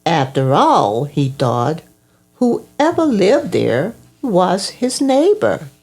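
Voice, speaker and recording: A woman reading a children's story aloud as the storyteller, in a slow, expressive storybook manner. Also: medium pitch.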